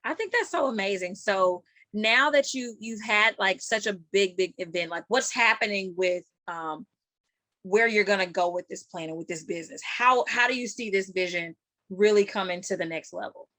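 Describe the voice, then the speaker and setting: A woman's voice: medium pitch, moderate pace, no room sound. A woman hosting a casual interview, asking questions and affirming often. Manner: warm affirming, lots of yeahs. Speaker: interview host.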